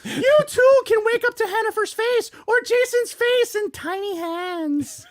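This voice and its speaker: A woman's voice: very high voice, a little slow, no room sound. A woman co-hosting a podcast, doing a silly, giggly sponsor read in a put-on voice. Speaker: podcast co-host.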